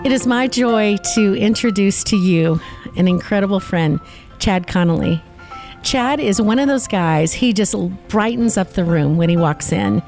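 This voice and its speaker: A woman's voice: medium pitch, animated, measured pace, over music. Effusive woman hosting an interview. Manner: warm, effusive, teasing. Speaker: show host.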